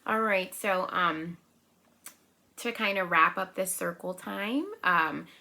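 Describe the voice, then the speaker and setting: Bright-voiced teacher talking to small children. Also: female voice, fairly low pitch, vocal fry. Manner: gentle, encouraging, checks in with "right?" and "okay?"; counts and claps out syllables slowly. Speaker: preschool teacher. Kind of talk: remote circle-time lesson for young children.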